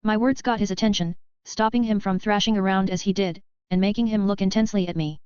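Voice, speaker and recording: A woman narrating a first-person fan-fiction audiobook in a steady storytelling read. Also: mid-range voice, quick pace, clean tone, no echo, highs cut off.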